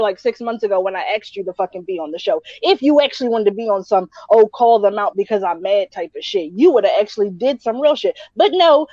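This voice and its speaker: A woman's voice: fairly high pitch, darkish tone, dry recording, lo-fi sound. A woman co-hosting a podcast who rants in a heated, sarcastic way and curses a lot. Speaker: podcast co-host. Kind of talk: profane ranting commentary.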